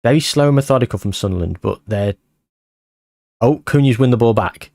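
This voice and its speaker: A man commentating his football management game as he plays, anxious and short of breath, bursting into excited shouts at near misses. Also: mid-range voice, fairly quick, vocal fry, no room sound, clean studio sound. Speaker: gaming YouTuber.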